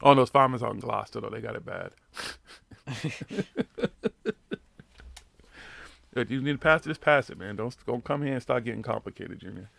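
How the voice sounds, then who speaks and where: A man's voice: mid-range voice, normal speed, gravelly, long pauses, a bit bright, no room sound. A man with a Boston accent hosting a live radio show, rambling and swearing constantly in brash, casual chat. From Boston, USA.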